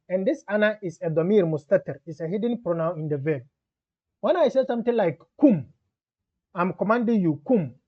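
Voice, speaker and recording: A male teacher with a high voice works through a grammar lesson step by step. He repeats each term and example so that it sinks in. The recording sounds dull and lo-fi. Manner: methodical, repeats terms and examples, mixes Arabic terms into English.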